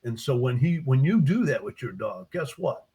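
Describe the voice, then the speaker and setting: A man, a book author in a casual interview, retelling his short stories with lively acted-out character lines. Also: mid-range voice, moderate pace, husky. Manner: animated storyteller, acts out characters' lines.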